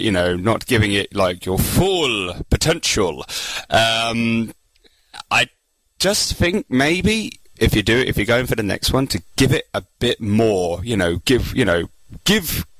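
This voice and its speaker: Rambling man, lively pitch. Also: dry recording, rough recording. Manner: rambling, hesitant, many fillers. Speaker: contest judge and podcast host. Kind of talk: casual podcast judging.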